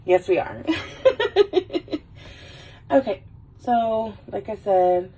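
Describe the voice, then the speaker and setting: A woman's voice: medium pitch, extremely slow, dark tone. A woman hosting a casual livestream, rambling about movies, laughing and swearing as she goes. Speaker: livestream host. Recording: voice a little far from the mic.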